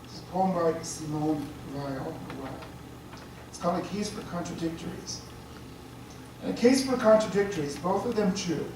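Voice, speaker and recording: Priest lecturing in a chatty way, heard from a distance in a very echoey room with faint hiss. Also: male voice, sits high, fairly quick. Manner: chatty, checks in with listeners. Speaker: priest giving a talk. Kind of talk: conversational lecture.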